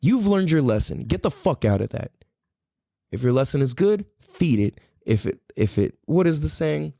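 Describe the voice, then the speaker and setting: A man's voice: on the high side, very animated, moderate pace, vocal fry, warm tone, no room sound, clean studio sound. A male podcast host delivering a heated solo rant, blunt and profane, lecturing the listener with commands and rhetorical questions. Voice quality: profane, blunt, repetitive emphatic phrasing.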